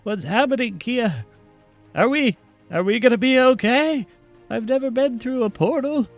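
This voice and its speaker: A man's voice: animated, normal speed, faint music behind. A man voicing a nervous, fretful male companion in a tabletop game. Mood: worried. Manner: anxious, high and quavering.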